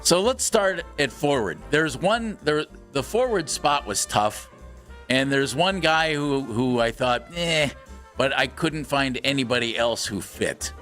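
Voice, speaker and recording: A man's voice: mid-range voice, lively intonation, a little slow, a bit bright, soft background music. A man co-hosting a sports radio show, talking casually and dryly teasing his partner as he lays out a prepared bit. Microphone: studio microphone.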